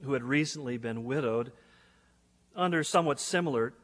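A man's voice: medium pitch, normal speed. Earnest man reading in an echoey hall. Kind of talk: reading a letter aloud in a sermon.

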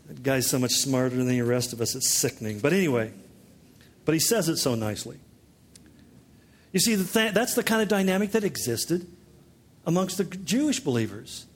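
A pastor preaching a conversational sermon, teaching with joking asides. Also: male voice, fairly high pitch, expressive, moderate pace, long pauses.

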